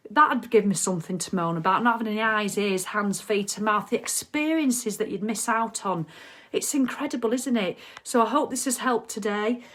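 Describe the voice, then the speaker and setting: A woman's voice: mid-range voice, normal speed. A middle-aged woman chatting casually on a live video as a wellness coach, reading out viewer comments. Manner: chatty, animated, reads viewer comments aloud. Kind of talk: casual live-stream chat.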